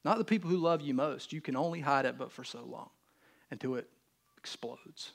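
A man preaching a sermon in a conversational way. He swings from loud emphasis down to soft, near-whispered lines and acts out voices in casual speech. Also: mid-range voice, normal speed, gravelly. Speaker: pastor.

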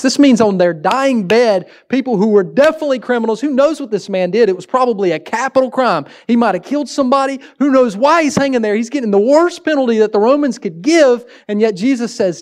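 Man preaching, high voice, earnest, direct, animated delivery. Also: a little fast, few pauses. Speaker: pastor. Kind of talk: sermon.

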